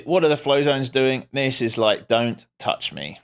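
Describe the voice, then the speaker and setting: A man's voice: mid-range voice, sing-song, unhurried, creaky, few pauses. A man streaming live as a day trader, giving casual, wry commentary with muttered asides to his viewers.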